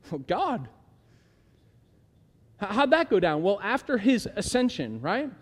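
A middle-aged male pastor giving a conversational sermon, emphatic and slowing down on key words, asking the congregation to repeat lines aloud. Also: sits high, very animated. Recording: long hall reverb.

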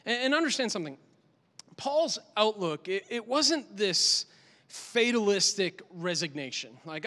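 Man, pastor, animated sermon, high voice, bright tone, long hall reverb. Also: unhurried. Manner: animated, conversational preaching with repetition.

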